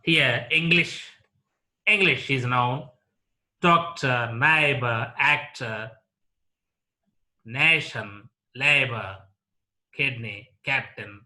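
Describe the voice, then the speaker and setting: Slow, bright-voiced male English teacher. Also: medium pitch. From India. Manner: slow, deliberate, repeats example words one by one. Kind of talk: classroom lecture on word stress.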